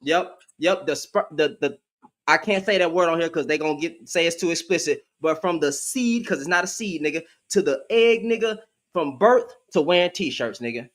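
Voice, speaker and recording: A man hosting a live stream call, ranting in exasperation and swinging between shouting and muttering. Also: a little high, lively intonation, moderate pace. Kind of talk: heated live stream rant.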